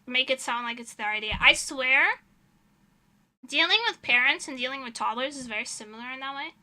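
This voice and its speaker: A woman's voice: high-pitched, bright, forceful tone. A young woman streamer chatting casually while doing her nails, telling stories with dramatic retellings and lots of laughter. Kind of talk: casual chat while doing nail art.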